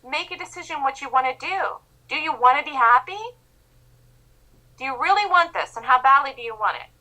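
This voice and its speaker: A gentle male pig consoles a sad friend in a little storybook aside, pleading softly. A woman puts him on, with a bright, slightly high voice. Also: animated, a little fast, low-quality recording. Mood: consoling.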